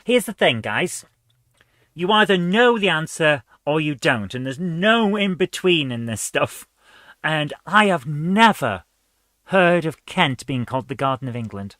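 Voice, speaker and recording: A man's voice: fairly high pitch, very animated, a little slow, a bit bright, no room sound, clean studio sound. A man hosting a retro gaming channel, reading quiz questions aloud and chatting casually as he guesses the answers. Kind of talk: casual let's-play commentary.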